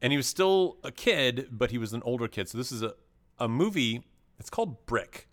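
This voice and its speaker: A man co-hosting a podcast, talking through movies in a loose, rambling way. His pitch sits in the middle, and he restarts sentences often and drops crude jokes. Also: expressive, moderate pace, a bit bright. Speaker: podcast co-host. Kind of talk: casual chat about movies.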